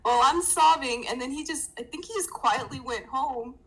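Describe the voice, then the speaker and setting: A woman's voice: high voice, normal speed, rough recording. A woman guest on a casual podcast, telling a self-mocking childhood story with laughter.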